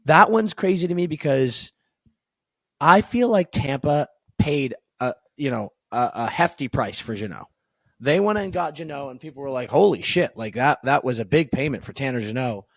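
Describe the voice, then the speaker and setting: A young man co-hosting a podcast, talking hockey trades in quick, relaxed casual chat. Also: mid-range voice, dry recording. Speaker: podcast co-host.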